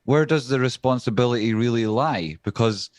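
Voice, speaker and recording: A man who is a podcast guest, talking in casual chat and musing in a slow, halting way. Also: mid-range voice, a little mellow, no room sound, studio quality.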